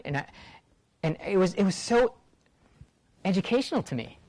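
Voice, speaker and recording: An impassioned middle-aged man addresses a room of students, earnest and emphatic, often circling back on his words. His voice sits a little high for a man, and the sound is close and dry, with almost no room echo. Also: lively intonation, normal speed, a little mellow. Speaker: guest speaker, rural doctor. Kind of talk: speaking to a student audience.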